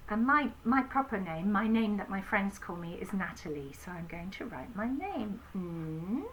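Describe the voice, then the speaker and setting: A woman with an English accent, an infant school teacher giving a slow phonics lesson to young children, sounding out words clearly. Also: mid-range voice, expressive, a little hiss or hum, rough recording. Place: home, recording a home-learning video.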